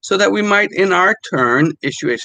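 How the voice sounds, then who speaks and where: Halting older man, dry close sound. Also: high-pitched, animated, gravelly, pushed and bright, no room sound, low-quality recording. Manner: halting, many fillers and restarts. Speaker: language teacher. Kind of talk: casual talk reading quotes.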